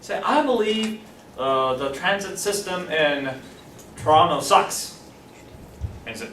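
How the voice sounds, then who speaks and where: A man teaching an English class, animated, repeating phrases slowly and clearly for his students. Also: fairly high pitch, slight background noise. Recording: roomy classroom from a distance.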